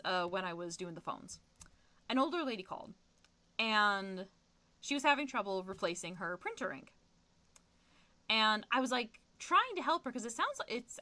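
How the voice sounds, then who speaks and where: A young woman streamer tells stories in a casual, chatty way, tossing in plenty of fillers and laughs. Her voice swings widely in pitch and has a bright, forward edge. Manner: animated storytelling with frequent laughs and fillers. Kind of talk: casual chat while gaming.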